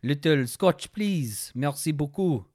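A man's voice: expressive, no room sound, clean studio sound. A man putting on a put-on French accent to play a made-up, theatrical Frenchman at a pub. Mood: hammy. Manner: theatrical, slow, higher and louder.

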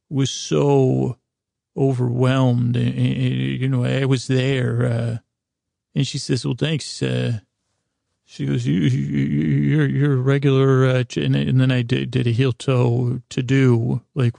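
Gravelly deadpan man telling a rambling story. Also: mid-range voice, dry recording. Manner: halting, meandering delivery full of restarts. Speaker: podcast storyteller. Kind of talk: rambling comedic bedtime story narration.

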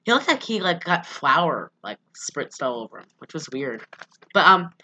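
A young woman with a bright, forceful voice pitched a little low, chatting loosely on a podcast. She recaps a movie and rambles with plenty of fillers and asides. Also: very animated, normal speed, a little hiss or hum. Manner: rambling, full of "um" and "like", laughing asides. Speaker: podcast co-host. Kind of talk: casual chat recapping a movie.

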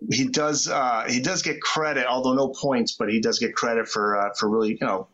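A man's voice: mid-range voice, steady tone, a little fast, fairly bright tone, rough recording. A man hosting a live podcast show, chatting casually, laughing often and running trivia questions. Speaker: podcast host.

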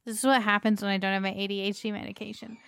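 A woman's voice: mid-range voice, level tone, racing, vocal fry, fairly bright tone, a little hiss or hum. A woman player chatting and joking casually at a tabletop game. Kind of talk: casual chat.

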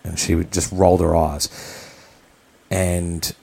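A man's voice: sits low, level tone, takes it slowly, gravelly, mellow, slightly rough. A man from New Zealand, co-hosting a podcast, telling a personal story in a candid, blunt, rambling way. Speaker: podcast co-host.

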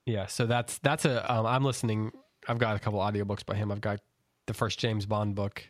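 A man's voice: on the low side, level tone, fairly quick, no room sound, studio quality. A man co-hosting a casual book-discussion podcast, steering the conversation with a conversational tone. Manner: steers the talk, conversational, brief interjections. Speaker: podcast co-host leading the episode.

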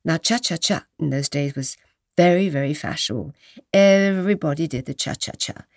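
An older woman from England, a guest telling stories of her past in a gently animated, reminiscing way. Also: deep voice, moderate pace, no echo, studio quality. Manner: reminiscing, gently animated, dips into soft whispers. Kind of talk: storytelling in an interview.

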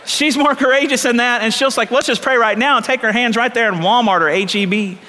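A pastor preaching a sermon, telling stories and repeating lines for emphasis. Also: male voice, extremely high pitch, a little fast, sharp tone, a little hiss or hum. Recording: long hall reverb.

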